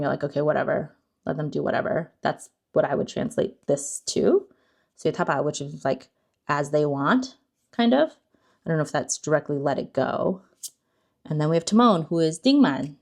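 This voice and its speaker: Young woman, casual vlog host, chatty, self-deprecating, gravelly fry, lower voice. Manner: chatty, self-deprecating, unsure over words. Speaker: card-opening channel host. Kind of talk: casual card-opening vlog.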